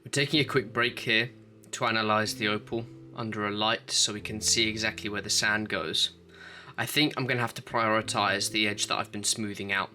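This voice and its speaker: A man's voice: on the low side, bright, forceful tone. A man who hosts his own channel, talking casually through his opal cutting in a home workshop and explaining each step with a self-deprecating, chatty manner. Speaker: opal cutter and channel host.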